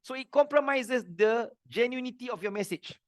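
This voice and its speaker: A middle-aged man teaching a religious lesson, earnest and plain-spoken, with animated delivery. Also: very high-pitched, normal speed, no echo, clean studio sound.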